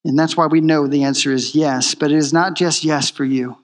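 A man's voice: on the high side, fairly even intonation, brisk, big-room sound. A man preaching a sermon in a church, emphatic and repeating his key phrases. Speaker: pastor.

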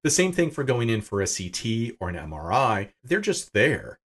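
A middle-aged man telling a personal story in a podcast interview, talking casually and amused, often jumping up in pitch when he quotes someone. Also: moderate pace. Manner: animated and self-amused, voice jumping up for quoted lines. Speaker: podcast guest. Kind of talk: conversational storytelling.

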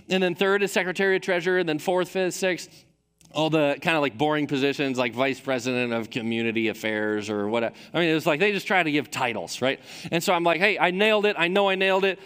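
A man's voice: fairly high pitch, brisk, fairly bright tone, clean tone. A man from Michigan preaching a sermon as pastor, telling a story with self-deprecating humor. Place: large church auditorium. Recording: long reverb of a church hall.

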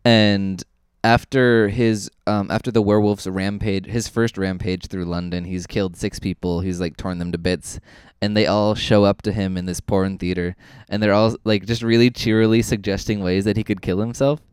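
A man with a lowish, smooth voice talks through a film review in loose, casual chat. He rambles and corrects himself as he goes, getting animated. The sound is dry and close. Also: moderate pace, no echo. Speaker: podcast co-host.

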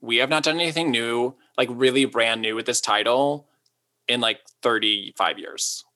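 Young male co-host, bright edge, casual and rambling. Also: medium pitch. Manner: rambling, lots of "like", quick asides. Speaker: podcast co-host. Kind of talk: casual chat.

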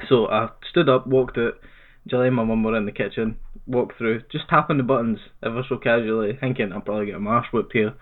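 A young Scottish man on a podcast, telling a relaxed, sweary, wry story. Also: medium pitch, a little fast. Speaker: podcast co-host. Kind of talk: casual storytelling chat. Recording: tinny phone-like line.

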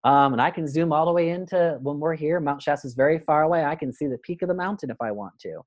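A man's voice: a little high, quick pace, no room sound. Earnest man talking in a dry room. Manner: earnest, animated, acts out voices in quotes. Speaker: podcast guest. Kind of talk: spiritual conversation.

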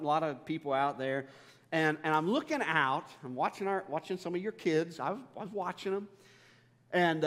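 A man's voice: on the high side, a bit bright, in a large hall. A man, a pastor, preaching a sermon with humorous, self-deprecating stories.

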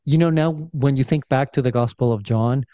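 A man in a casual Bible discussion, explaining scripture in a measured, thoughtful way. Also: medium pitch, dark tone, clean tone, dry recording, muffled recording.

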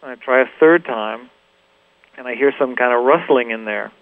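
Middle-aged man, guitarist guest, mid-pitched voice, loose, rambling storyteller. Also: normal speed, no room sound, narrow, tinny audio. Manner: relaxed, rambling anecdotes with many fillers and restarts. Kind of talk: casual interview storytelling.

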